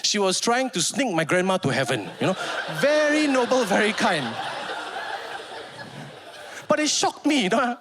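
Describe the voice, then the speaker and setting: A man in his thirties from Malaysia, speaking with a Malaysian English accent and telling stand-up stories in an animated way, acting out his relatives. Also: sits high, normal speed, pauses often, noisy background. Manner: animated, acts out relatives' voices. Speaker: stand-up comedian. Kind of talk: stand-up storytelling.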